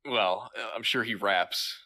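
A man's voice: fairly low pitch, measured pace, sharp tone. A man co-hosting a podcast in casual chat, teasing and bantering. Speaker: podcast co-host.

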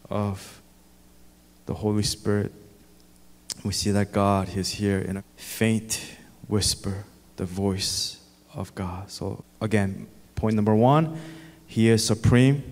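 A man's voice: lowish voice, steady tone, measured pace, darkish tone. A male pastor delivering a sermon with an earnest, repetitive preaching cadence, recorded in a church sanctuary. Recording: echoey church hall.

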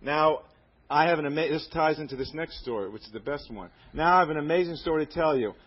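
A man's voice: a little high, quick pace, husky. A man preaching on the radio, reading a letter aloud in an earnest, fervent, praising manner. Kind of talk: sermon reading a listener's letter. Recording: dull lo-fi radio broadcast.

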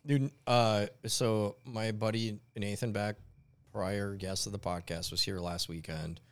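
Deep-voiced man telling a casual story. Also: steady tone, measured pace, clean tone. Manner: laughs often, tells stories animatedly. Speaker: podcast co-host. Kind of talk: casual chat. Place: home garage.

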